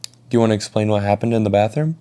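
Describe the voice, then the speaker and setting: Young guy doing his stern tired principal, curt, kinda deep and mellow. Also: fast talker, clean tone, lightly acted. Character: stern weary male school principal.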